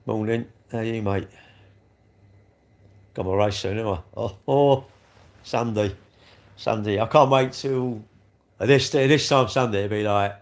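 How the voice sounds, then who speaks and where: A man's voice: on the low side, moderate pace, creaky, pauses often. A middle-aged man with a South East London accent, chatting and rambling on a casual live stream, full of tag questions. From England. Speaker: livestream host.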